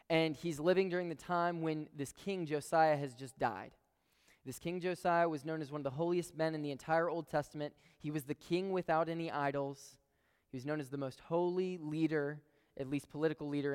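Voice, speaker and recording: Preacher, male, smooth resonant voice; casual but emphatic delivery, repeats lines for weight; long hall echo. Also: on the high side. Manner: emphatic, conversational, repeats phrases for stress. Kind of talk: sermon.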